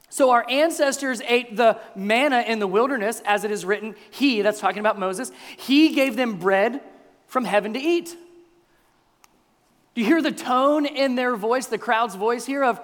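A man preaching a sermon as pastor, animated, acting out the crowd and Jesus in quoted voices. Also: sits high, normal speed. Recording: long hall reverb.

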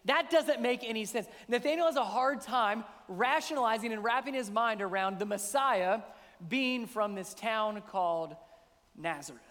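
A man preaching in a high voice. He talks conversationally and leans on rhetorical questions. Long reverb hangs after his words, like a big hall. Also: a bit bright. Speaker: pastor. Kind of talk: sermon.

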